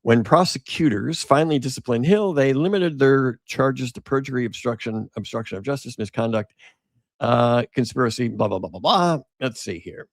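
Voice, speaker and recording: A man's voice: mid-range voice, normal speed, dry recording, studio quality. A male podcast host giving casual commentary, reading an article aloud with sarcastic, rambling asides.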